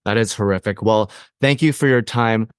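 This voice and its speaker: A man voicing a bumbling TV field reporter, halting and stammering. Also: lowish voice, clear, resonant tone, dry recording, clean studio sound, natural voice. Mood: earnest. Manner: halting, stammering with many uhs. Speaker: podcast co-host. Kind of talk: improvised comedy sketch.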